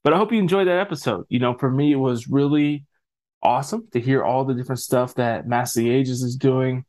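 A man's voice: mid-range voice, brisk, a little mellow. A man hosting a podcast, playful and teasing, laughing often as he asks questions. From Canada. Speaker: podcast host. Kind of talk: casual interview chat.

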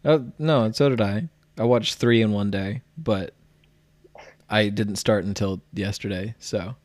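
A man's voice: on the low side, unhurried, a little mellow, dry recording. A man from the United States co-hosting a podcast, chatting casually with dry, laid-back banter. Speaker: podcast co-host. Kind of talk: casual chat.

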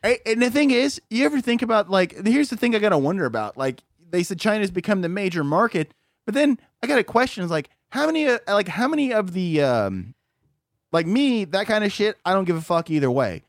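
A man's voice: high voice, big pitch swings, a little fast, no echo. A man co-hosting a casual podcast, rambling with lots of fillers and swearing. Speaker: podcast co-host.

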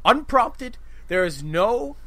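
A man hosting a podcast, telling a story in casual chat, animated and swearing freely. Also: very high-pitched, takes it slowly. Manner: animated, swearing, laughs through his story. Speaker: podcast host.

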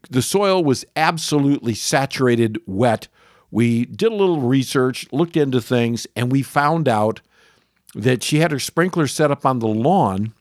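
A middle-aged man tells a story on his podcast in a casual, chatty way. His pitch swings widely and often jumps into high exclamations. The recording is dry and close, with no room sound. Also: dry recording. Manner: animated anecdote-telling, jumps into high exclamations. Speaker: podcast host, lawn care professional.

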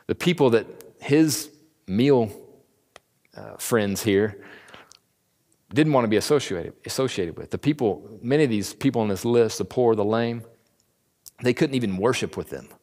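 A man's voice: mid-range voice, darkish tone. A man teaching a Bible class in a casual, conversational way, joking and briefly acting out the people in the story. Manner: conversational, jokey, acts out the characters in quick asides. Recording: long reverb of a large hall.

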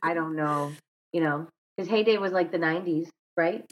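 A woman's voice: lowish voice, fairly quick. A woman co-hosting a podcast in casual chat, rambling and correcting herself as she goes. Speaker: podcast co-host. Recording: slightly dull lo-fi sound.

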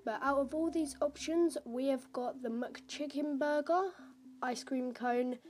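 A woman's voice: sits high, a little slow, a little mellow. A teenage girl from the United Kingdom, rambling casually as a podcast host while she takes an online quiz. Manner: chatty and rambling, many fillers and asides.

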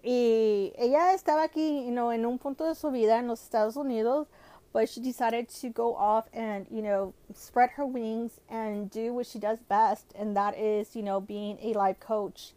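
A woman's voice: a little high, fairly even intonation, moderate pace, dark tone, no room sound. A woman with a cold, sounding nasal and congested, hosting a casual podcast, switching between English and Spanish and using lots of "you know" and "like". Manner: many fillers like "you know" and "like". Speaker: podcast host.

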